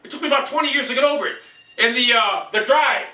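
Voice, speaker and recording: A man, recorded off-mic in an echoey room at home, launches into a long, angry, profane rant as a sports fan. His voice is extremely high-pitched, quick, and sharp.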